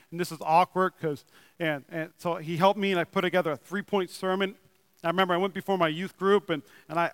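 Young man, pastor, high bright tone, excitable sermon delivery, dry body mic with a long reverb tail. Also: clean tone. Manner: excitable, rising to loud emphatic bursts then easing into chatty storytelling. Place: church building. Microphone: wearing a microphone.

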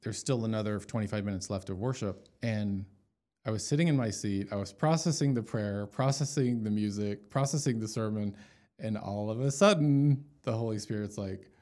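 A man's voice: on the low side, moderate pace, warm tone. A man giving an emotional personal testimony as an interview guest, talking in a storytelling way with many fillers and restarts.

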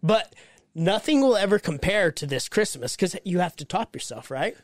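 A man co-hosting a podcast, telling stories in a casual, profane, animated way. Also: sits high, moderate pace, no room sound, clean studio sound. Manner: profane, storytelling, animated when quoting. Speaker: podcast co-host. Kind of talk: casual chat.

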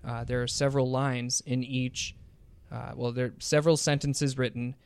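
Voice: medium pitch, flat delivery, moderate pace, darkish tone, clean tone. A game master narrating a tabletop role-playing game, laughing easily and slipping in dry jokes.

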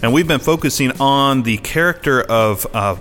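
A man's voice: medium pitch, moderate pace, fairly bright tone. Man, pastor hosting a podcast, casual chat, laughs easily, reverberant hall, faint music underneath. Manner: chatty, laughs easily, many fillers.

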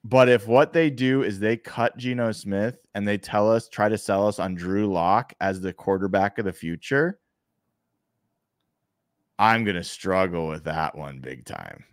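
Low-voiced man on a sports podcast. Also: unhurried, no echo, clean studio sound. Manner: animated, frequent restarts. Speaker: podcast co-host. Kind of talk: casual sports podcast chat.

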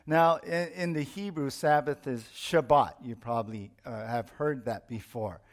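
A man's voice: medium pitch, unhurried. A middle-aged man, a pastor, preaching a sermon in an explanatory teaching manner, repeating his points for emphasis.

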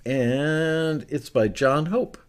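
A man's voice: on the high side, very slow. A man hosting a casual chat about music, thinking aloud and rambling with many fillers. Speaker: host.

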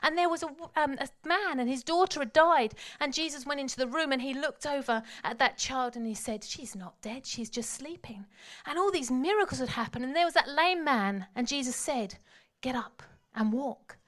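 A woman preaching a sermon, telling the story dramatically and swinging from hushed tones to loud calls. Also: high-pitched, brisk, hardly any pauses.

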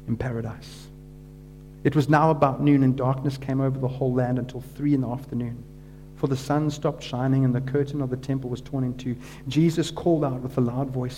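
Mellow-voiced man preaching a dramatic retelling. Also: mid-range voice, steady tone, a little fast, slight background noise. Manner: dramatic retelling, voice rising and dropping to a hush for quoted words. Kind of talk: sermon storytelling.

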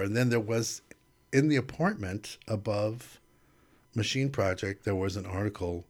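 A man with a fairly low voice tells stories as a podcast guest. He is animated and quotes other people in little acted bursts. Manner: animated storyteller who acts out quoted exchanges. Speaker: guest artist. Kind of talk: casual storytelling interview.

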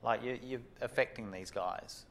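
A man's voice: mid-range voice, normal speed, a little hiss or hum. A man hosting a podcast, chatting casually and encouraging his guest, with frequent restarts and casual swearing. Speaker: podcast host. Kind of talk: casual interview chat.

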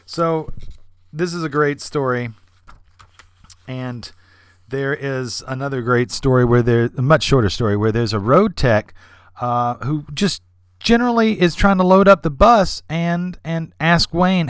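A man hosting a podcast, telling an anecdote in an animated style with vivid character voices. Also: mid-range voice, measured pace, clear, resonant tone, no echo, studio quality. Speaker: podcast host. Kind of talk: anecdotal storytelling.

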